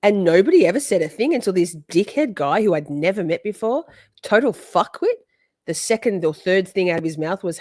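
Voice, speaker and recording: A woman's voice: on the low side, animated, brisk, darkish tone, no echo, studio quality. A woman in her forties hosting a casual livestream, teasing her chat and swearing freely. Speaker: livestream host.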